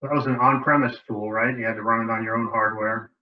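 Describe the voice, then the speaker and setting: A man's voice: medium pitch, steady tone, quick pace. A man hosting an interview who gives brief affirmations and asks leading questions. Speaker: interview host. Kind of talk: conversational interview. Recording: distant roomy lo-fi sound.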